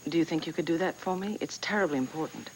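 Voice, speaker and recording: A woman's voice: sits low, fast, slight background noise, poor audio. An urgent, pleading woman. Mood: eager. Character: determined woman chasing old files. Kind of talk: 1980s soap opera acting.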